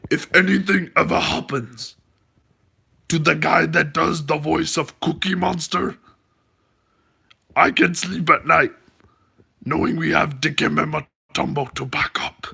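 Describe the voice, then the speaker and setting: A man's voice: a little high, fairly even intonation, a little slow, vocal fry, pauses often, pushed and bright, breathy edge, pitched above the performer's own voice, full character voice. A man doing an exaggerated impression of a famous male basketball player. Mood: joking.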